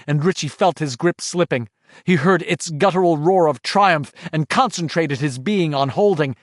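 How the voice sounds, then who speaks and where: A man's voice: fairly high pitch, moderate pace, no echo, studio quality. A man reading a horror audiobook aloud in dramatic scripted narration. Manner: dramatic, shifting delivery.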